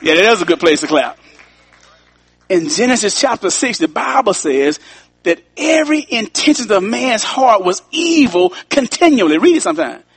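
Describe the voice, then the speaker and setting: A man's voice: sits high, sing-song, normal speed, slightly rough, no room sound. A man preaching a sermon to his congregation, talking in a conversational way, repeating himself and addressing listeners directly.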